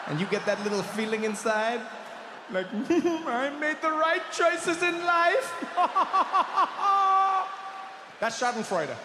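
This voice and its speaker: High-voiced man doing stand-up. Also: long reverb tail. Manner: animated storytelling, acts out voices. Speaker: comedian. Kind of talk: stand-up comedy. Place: live comedy stage before an audience.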